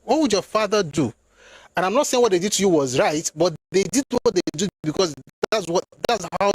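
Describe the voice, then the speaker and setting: A man's voice: high-pitched, lively intonation, fairly quick, breathy edge, dry recording. A man giving an opinionated political monologue, emphatic and rhetorical, slipping into phrases. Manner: emphatic, rhetorical, rising into indignant outbursts; switches between English and Yoruba. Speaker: political commentator.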